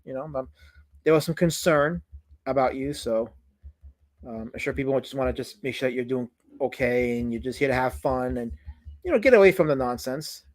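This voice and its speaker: A man's voice: mid-range voice, normal speed. A man hosting a live drawing stream, chatting casually and slipping into mock-offended, theatrical complaints. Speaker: livestream host.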